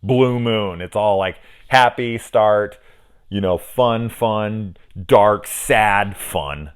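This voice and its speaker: A man's voice: lowish voice, drawn-out words, clear, resonant tone. A man reviewing a horror film in a casual vlog, rambling and enthusiastic, swearing freely as he recounts scenes.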